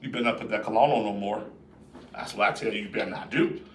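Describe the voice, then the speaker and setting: A man's voice: lowish voice, steady tone, quick pace, a little hiss or hum, voice pushed down, lightly acted. A man putting on the voice of a jealous, suspicious wife who scolds her husband in an exaggerated, sassy way. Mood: bossy. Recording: roomy echo, distant mic.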